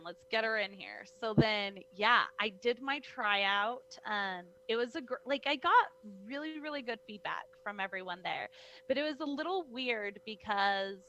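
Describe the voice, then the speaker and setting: A young woman, a wrestler, telling her story in an animated interview, acting out the people in it, heard over a video call. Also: medium pitch, slight background noise, poor audio. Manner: lively, acts out voices in her stories, many "like"s. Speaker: guest, professional wrestler.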